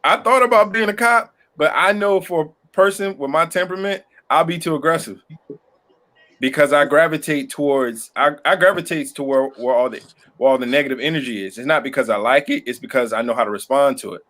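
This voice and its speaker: A man's voice: on the high side, a little fast, a bit bright. A man in a casual podcast chat, talking reflectively and joking.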